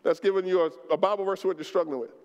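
A man preaching a sermon as pastor, impassioned and colloquial, swinging between shouted lines and low, slow ones, and acting out prayers in the first person. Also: steady tone, smooth. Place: church sanctuary. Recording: long reverb of a church hall.

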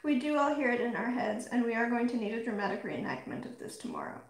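A woman's voice: on the high side, sing-song, fast. A woman hosting a painting livestream, chatting casually and playfully with viewers. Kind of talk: casual chat while painting. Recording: roomy echo.

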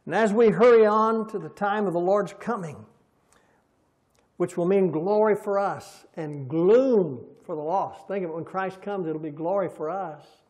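A man preaching a folksy sermon, swelling loud and slow on scripture and dropping soft for homey asides, and leading the congregation in repeating lines. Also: high-pitched. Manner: folksy, chuckles at his own stories; leads the congregation in call-and-response. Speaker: pastor.

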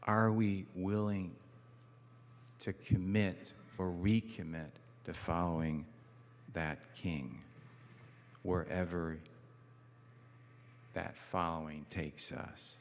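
A man delivers a conversational sermon from a church pulpit, his voice a little low. Long reverb from the sanctuary trails his words as he mixes gentle jokes with earnest points, falling soft and low on key phrases. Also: steady tone, slow, vocal fry, long pauses. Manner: conversational preaching with self-deprecating humor. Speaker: guest pastor.

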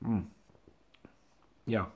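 A man's voice: drawn-out words, slight background noise. A man hosting a casual beer review vlog, chatty and talking to viewers as guys, often saying "I would say". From Sweden. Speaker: beer reviewer, channel host.

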